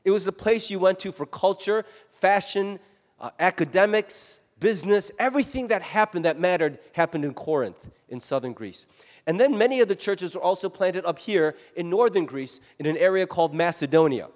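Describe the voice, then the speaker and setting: A man preaching a sermon to his congregation, lively and animated, acting out voices as he goes. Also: sits high, moderate pace, big-room sound. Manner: animated, acts out quoted voices. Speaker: pastor.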